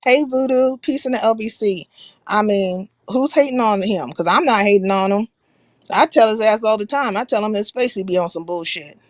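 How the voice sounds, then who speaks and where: A woman hosting a casual live stream, talking bluntly and swearing freely, pausing to shout out viewers by name. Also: mid-range voice, no room sound.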